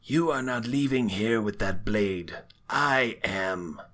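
A man voicing an angry, greedy female villain with clawed hands, who shouts her commands at a tabletop game. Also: on the low side, takes it slowly. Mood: furious commanding.

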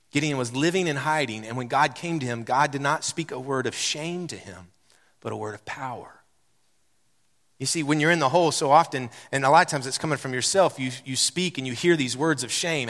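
Animated male preacher in a reverberant hall. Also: on the high side. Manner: animated, building to loud repeated declarations. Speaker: pastor. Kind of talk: sermon. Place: church sanctuary.

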